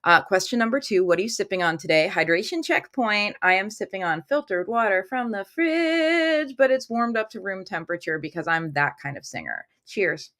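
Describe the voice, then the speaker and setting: A woman's voice: medium pitch, very animated, normal speed, few pauses, fairly bright tone. A woman hosting a casual tarot livestream from a room at home, talking into her phone, chatty and upbeat as she reads viewer comments aloud.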